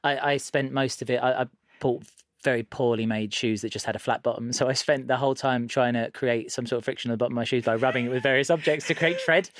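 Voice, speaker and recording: A woman hosting a comedy podcast, playful and quick to laugh. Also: extremely low pitch, fairly even intonation, dry recording, studio quality. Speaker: host. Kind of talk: casual comedy podcast chat.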